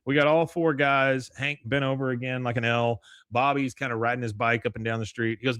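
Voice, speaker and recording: A man's voice: medium pitch, fairly even intonation, brisk, few pauses, a bit bright, smooth, no room sound. A man co-hosting a podcast, casually retelling episode scenes and quoting lines between laughs. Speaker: podcast co-host. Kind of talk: casual episode recap chat.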